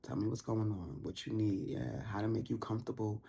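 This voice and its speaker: A woman doing a gentle male lover in a tarot reading, hushed and coaxing, a mellow and slightly husky tone, settled and patient with no hurry in it. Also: a bass voice, expressive, a little fast, full character voice. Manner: soothing, coaxing.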